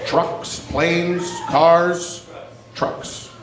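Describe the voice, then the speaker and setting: This male Canadian comedian talks very slowly in a higher-pitched voice while working the crowd live at a comedy club. The distant, roomy recording carries audible noise as he animatedly slips into loud fake voices and rants.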